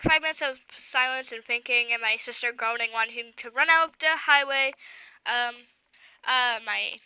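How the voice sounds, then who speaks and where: Bright, high-pitched rambling young woman. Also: smooth, no room sound. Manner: rambling, excitable, lots of fillers and asides. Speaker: vlogger. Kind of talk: casual storytelling to camera.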